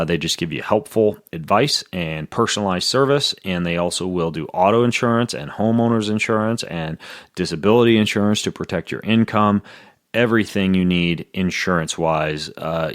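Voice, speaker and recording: A man's voice: low-pitched, fairly bright tone, no room sound, clean studio sound. A man hosting a podcast, chatting casually and joking his way through ad reads and health answers. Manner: playful, quick, jokey. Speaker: podcast host.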